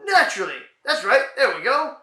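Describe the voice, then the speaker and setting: A man voicing a patient, matter-of-fact man who calmly insists while explaining the team's names, in a comedy dialogue reading. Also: fairly quick, reverberant, full character voice. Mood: insistent. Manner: calm, insistent, lower register.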